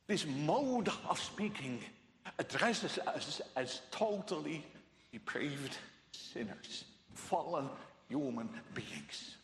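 A man preaches in a high, lively voice that climbs and falls, taking his words slowly. He hammers his points through repetition, swinging from hushed to loud. The sound rings through a large hall with a long echo. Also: slight background noise. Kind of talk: sermon. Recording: echoey hall with long reverb.

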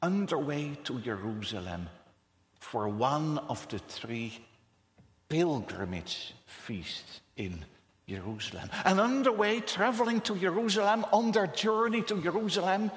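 A man's voice: fairly high pitch, big pitch swings, measured pace. A man preaching a sermon with impassioned delivery, rising to calls and dropping to near whispers. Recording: echoey hall, long reverb.

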